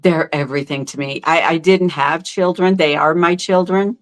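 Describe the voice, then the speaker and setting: A middle-aged woman telling her own story as a podcast guest, heartfelt and halting, with many fillers and restarts. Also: deep voice, fairly even intonation. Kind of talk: candid interview storytelling.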